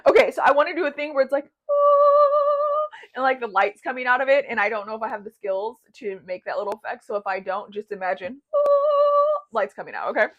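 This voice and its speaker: A young woman vlogging a book unboxing, bubbly and gushing, squealing with excitement and then reading the jacket copy aloud. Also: a little high, fast talker, hardly any pauses, phone-quality sound.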